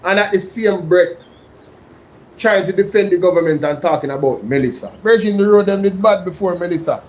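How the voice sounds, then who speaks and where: A man's voice: high-pitched, brisk, a little mellow, slight background noise, rough recording. A man with a Jamaican accent hosting a casual live-stream reaction, chatting to his viewers. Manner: chatty, addresses viewers by name. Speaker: YouTube reaction host.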